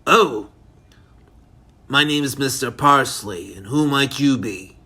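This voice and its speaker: A man reading the lines of a polite, leisurely, grinning old gentleman with a dry voice in an audiobook. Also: mid-range voice, slow pace, husky, exaggerated voice. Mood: amused. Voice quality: dry, sawdusty voice.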